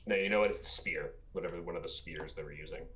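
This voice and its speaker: A man's voice: low-pitched, fast talker, a bit bright, a little hiss or hum. A man playing a tabletop game, casual and thinking aloud. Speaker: player.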